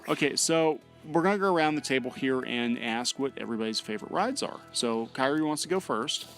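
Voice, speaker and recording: A man's voice: mid-range voice, animated, fairly quick, a bit bright, soft background music. A middle-aged man hosting a family podcast, joking in a dry, self-deprecating way. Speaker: podcast host, father. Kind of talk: casual family chat.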